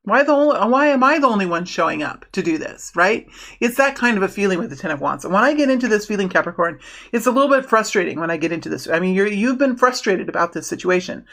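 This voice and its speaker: A woman's voice: mid-range voice, expressive, fast, a bit bright. A woman giving a casual tarot reading to her viewers, rambling and friendly, with many restarts and fillers. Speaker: tarot reader.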